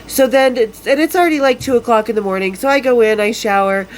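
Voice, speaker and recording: A woman's voice: fairly high pitch, quick pace, low-quality recording. A woman in her fifties from Utah, hosting a podcast and telling a story casually, bluntly and with lots of swearing. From Salt Lake City, Utah. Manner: blunt, profane, laughs often. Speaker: podcast host.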